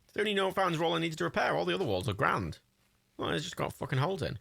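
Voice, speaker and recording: A man's voice: a little high, very animated, fast talker, creaky, a bit bright, no room sound. A young man chatting casually while playing a building game, often confused, laughing and swearing. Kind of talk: casual gameplay chat.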